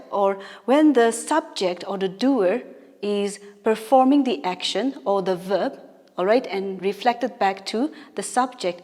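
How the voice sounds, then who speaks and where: A woman's voice: mid-range voice, darkish tone. A woman with a Naga English accent, teaching a grammar lesson patiently and often checking in with "all right?". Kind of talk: classroom lesson. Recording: reverberant room with long echo.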